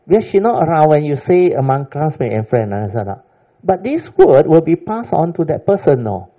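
A man's voice: fairly high pitch, big pitch swings, a little fast. A man giving an informal Buddhist Dhamma talk, emphatic and chatty, often checking whether his listeners understand. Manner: keeps asking "understand or not?", emphatic and chatty. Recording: dull lo-fi recording.

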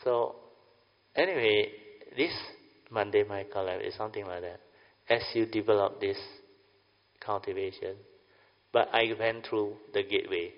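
This older man's dharma talk comes in a fairly low voice at a moderate pace, with long pauses. As a Buddhist meditation teacher addressing a class, he's chatty and keeps checking with "huh?" and "understand or not?". It's a lo-fi recording made in a reverberant hall.

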